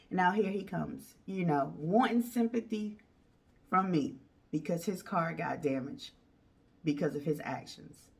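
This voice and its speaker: A woman's voice: on the low side, measured pace, vocal fry, recorded from a distance. A woman vlogger telling a dramatic personal story in casual slang, acting out what other people said. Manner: animated, acts out other people's lines in raised voices.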